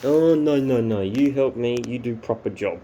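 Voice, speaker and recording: A man's voice: medium pitch, normal speed, warm tone, a little hiss or hum, close to an everyday voice, low-quality recording. A man mimicking a picky, pushy biker. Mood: demanding. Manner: demanding, broken English. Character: pushy, picky male motorbike rider.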